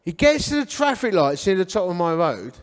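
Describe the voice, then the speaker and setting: A man's voice: sits high, sing-song, fairly quick. A man, telling his life story with humor and acting out the dialogue. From Hornchurch, England. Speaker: guest speaker. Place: church hall. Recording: echoey church hall.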